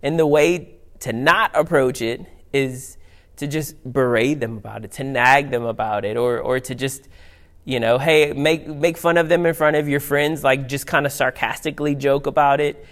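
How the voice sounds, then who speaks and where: A man preaching a sermon in an animated, conversational way, reading scripture aloud. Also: medium pitch, moderate pace. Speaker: pastor.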